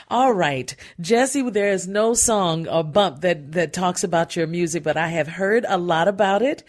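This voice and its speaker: A woman's voice: lowish voice, a little slow. Upbeat woman radio host. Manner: upbeat, chatty, laughs easily. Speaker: radio arts show host. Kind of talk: radio interview.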